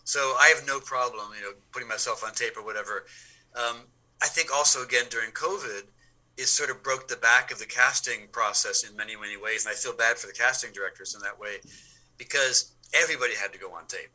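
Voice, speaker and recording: A man talks casually in an interview about his acting work, his voice very bright and forward. He is animated, repeats himself as he builds a point, and speaks in a relaxed conversational way. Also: medium pitch, quick pace, poor audio. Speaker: actor, interview guest.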